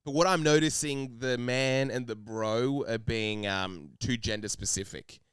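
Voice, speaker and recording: A man's voice: mid-range voice, measured pace, fairly bright tone, clean tone, dry recording, clean studio sound. An Australian man co-hosting a podcast in casual chat, playful and musing aloud. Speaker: podcast co-host.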